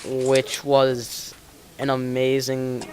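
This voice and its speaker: A man's voice: medium pitch, monotone, extremely slow. Rambling teenage boy podcast host. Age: teens. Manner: rambling, jokey, laughs often. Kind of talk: casual chat. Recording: faint hiss, keyboard clicks.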